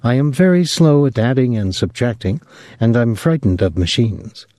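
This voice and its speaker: A man reading the part of a placid young housemaid with a light French-Canadian accent, speaking low and evenly. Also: no echo, studio quality, natural voice. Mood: calm. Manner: low, even, unhurried.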